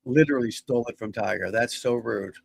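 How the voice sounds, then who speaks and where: A man's voice: medium pitch, brisk, vocal fry, slight background noise. A middle-aged man with a Boston accent, a golf instructor chatting casually on a live stream, rambling and blunt with joking asides.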